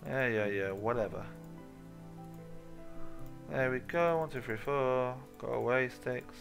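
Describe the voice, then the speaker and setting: A man at a mid-pitched, everyday voice, rambling through his game with goofy asides and frequent swearing. He talks to himself as he plays, casual and unpolished, with faint music playing behind. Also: slow pace, creaky. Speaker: gaming channel host. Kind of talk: casual let's-play commentary.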